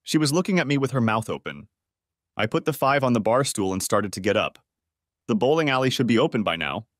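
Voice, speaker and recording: A man's voice: medium pitch, lively intonation, brisk, dry recording, studio quality. A man narrating a first-person story of betrayal in a dramatic, wounded manner.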